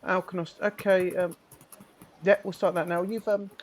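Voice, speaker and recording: A man voicing a brisk, professional barmaid who is businesslike and stops often for fillers. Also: high-pitched, level tone, voice pushed up.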